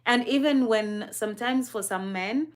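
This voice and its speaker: A woman's voice: a little high, unhurried. A young woman from Kenya chatting casually as a livestream co-host. She is curious and talkative, laughs often, and speaks to her co-host and the viewers in the chat.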